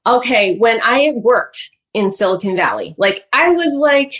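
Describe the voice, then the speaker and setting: A woman guest on a podcast, telling her life story in an animated, chatty way full of "like" and "you know". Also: on the high side, a little slow. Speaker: guest author. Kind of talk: personal storytelling in a podcast interview.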